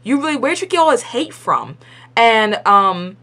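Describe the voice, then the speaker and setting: With a fairly high, sing-song voice and a sharp tone, a young adult woman reviews an episode at home, unhurried. She rambles chattily, packs in "like" and restarts, and gives blunt, opinionated views in colloquial grammar.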